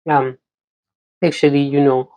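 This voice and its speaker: A woman's voice: rumbling low, flat delivery, unhurried, muffled recording. A young woman from Namibia vlogging casually to camera, chatty and full of "you know" fillers. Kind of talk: casual talking-to-camera vlog.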